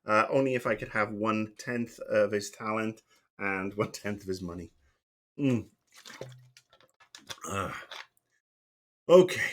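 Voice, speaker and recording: A middle-aged Welshman streams live in a lowish, slightly bright voice at normal speed, pausing often. His casual chat meanders, full of swearing and self-deprecation.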